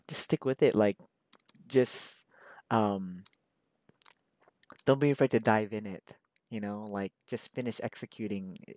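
A man's voice: lowish voice, darkish tone, dry recording. A man chatting casually while he draws, rambling in a slangy, profane, laid-back way. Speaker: artist drawing on camera. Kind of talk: casual chat while drawing.

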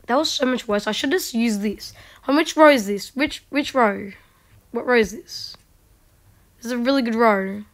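A woman giving casual gameplay commentary, chatting to herself and mocking herself in quiet whispered asides. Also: a little high, moderate pace. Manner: chatty, talks to herself while playing. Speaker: gaming video creator.

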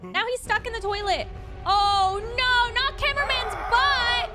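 A woman's voice: extremely high pitch, a little slow. A young woman hosting a reaction video, exclaiming, gasping and laughing as she comments. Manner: exclaims, gasps and laughs often. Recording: loud music behind.

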